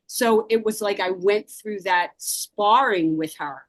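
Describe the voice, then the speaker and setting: A woman's voice: medium pitch, slow, dry recording, poor audio. A woman from South Philadelphia with a Philadelphia accent, a guest author telling an intense personal story in an emphatic way. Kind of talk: interview storytelling.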